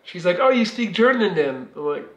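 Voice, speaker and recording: A man from Belgium, in his thirties, rambles through a personal story for his vlog. His voice sits a little high for a man and he swears casually. The room rings with a noticeable echo. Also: sing-song, normal speed. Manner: long-winded, rambling, swearing. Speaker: vlogger. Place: living room.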